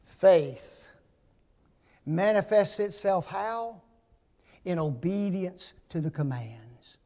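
Man in his sixties, pastor delivering a sermon; high voice, measured delivery, emphatic and questioning. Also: animated, warm tone. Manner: emphatic, rhetorical questioning of the congregation. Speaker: preacher.

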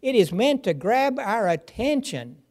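An older man preaching a sermon, slow and emphatic, repeating key phrases for stress. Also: very high-pitched, big pitch swings, a little mellow.

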